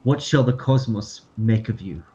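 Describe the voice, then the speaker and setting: A man voicing a stern older male examiner who asks slow, probing, solemn questions. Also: fairly low pitch, lively intonation, dark tone, muffled recording, voice pushed down, lightly acted.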